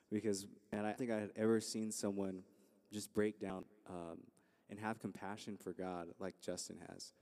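A man's voice: on the low side, flat delivery, normal speed, a little mellow. A young man introducing speakers at a campus ministry service, telling stories casually with lots of fillers. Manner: rambling, storytelling, many fillers. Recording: long hall reverb.

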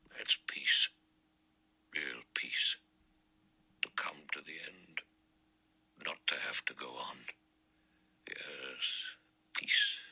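Narrator guy doing an old general, deep husky whispery, testy and kinda spaced out, audiobook. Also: fairly even intonation, drawn-out words, pauses often, exaggerated voice. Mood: hushed, distant. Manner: sharp then low, strange and whispery. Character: elderly military man, testy, then hollow.

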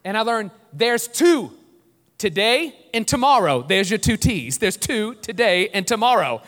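A man voicing Boudreaux, a simple, good-natured man who answers in a slow, low, mumbling way. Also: big pitch swings, a bit bright, in a large hall, heavily acted. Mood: naive.

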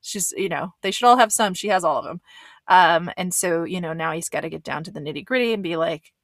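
A woman's voice: on the low side, lively intonation, brisk, dry recording. A woman giving a casual recap commentary of a reality show, blunt and swearing, with lots of fillers. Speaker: reaction commentator.

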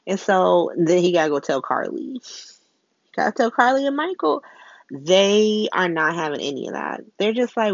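A woman's voice: medium pitch, sing-song, moderate pace, no echo, highs cut off. A woman recapping soap episodes in a sassy, profane, casual style, laughing often. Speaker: soap opera recap host.

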